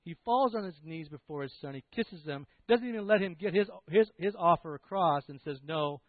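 Emphatic preacher, tinny phone-like sound. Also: male voice, sits high, animated, brisk, no room sound. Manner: emphatic, rhetorical questions. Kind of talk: sermon.

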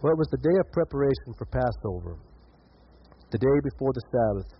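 A man's voice: mid-range voice, lively intonation, brisk, breathy edge. A male pastor preaching a sermon in an earnest way, often repeating words as he builds, in a dull lo-fi recording.

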